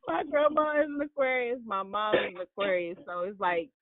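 Animated woman on a tinny phone line. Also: medium pitch, normal speed, heavy background noise. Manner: animated storyteller, acts out family members' voices. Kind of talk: casual group chat.

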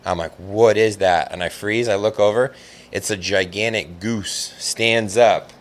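A man telling a long fishing story in casual chat, rambling and animated, with lots of "like" fillers. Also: lowish voice, measured pace. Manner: rambling, animated, heavy use of "like".

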